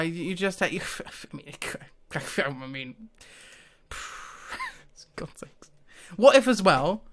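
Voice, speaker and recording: A man's voice: on the high side, a bit bright, clear, resonant tone. A man talking casually to the camera, thinking aloud with hesitations and frequent laughs. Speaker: YouTuber.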